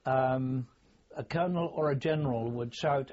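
An older man recalling his army years in a halting, formal way, pausing often with fillers. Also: medium pitch, darkish tone. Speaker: interviewee. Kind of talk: oral history reminiscence. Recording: dull lo-fi recording.

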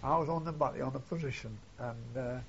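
A man's voice: mid-range voice, quick pace, a little hiss or hum. An older man recalling wartime events in an oral history interview, rambling and retelling old dialogue, often tagging "see?". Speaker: war veteran interviewee. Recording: dull lo-fi archive tape.

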